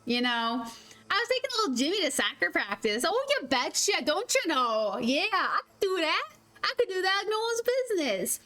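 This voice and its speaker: A woman's voice: high voice, sing-song, moderate pace, sharp tone, voice pushed up, full character voice. A woman voicing a chirpy, folksy soccer mom with a nasal Minnesotan accent. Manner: sing-song, folksy.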